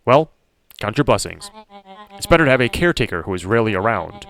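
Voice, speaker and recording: A man voicing an aloof, cynical elderly gentleman in a game, speaking in formal, old-fashioned phrases. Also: fairly low pitch, sing-song, fast, faint music behind. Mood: dry.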